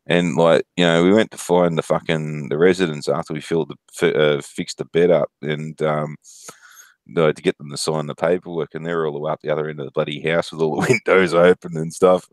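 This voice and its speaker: A man's voice: rumbling low, fairly even intonation, brisk, no room sound. A man in his thirties with an Australian accent, telling profane, laughing stories on a casual stream. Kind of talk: casual storytelling.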